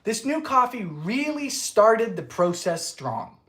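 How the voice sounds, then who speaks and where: A man's voice: high voice, sing-song, slow, a bit bright, husky. A man hosting a casual baking livestream from his home kitchen, chatting playfully, reading viewer comments and bursting into goofy laughter. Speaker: baking show host.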